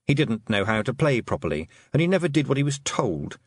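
A man narrating a storybook in an expressive, varied reading style. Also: medium pitch, a little fast, husky, no room sound. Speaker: audiobook narrator. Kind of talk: scripted narration.

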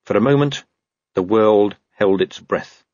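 A man narrating a comic fantasy novel in a wry, lively storytelling manner. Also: on the low side, measured pace, no echo, lo-fi sound. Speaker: audiobook narrator.

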